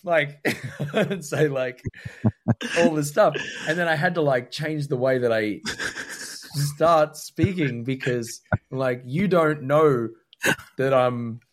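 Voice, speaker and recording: An Australian man chatting casually on a podcast over a remote connection. His voice sits at an ordinary middle pitch, and his talk wanders with lots of "like" and restarts. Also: slow pace. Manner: rambling, filler-heavy storytelling with frequent "like". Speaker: podcast co-host. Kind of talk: casual chat.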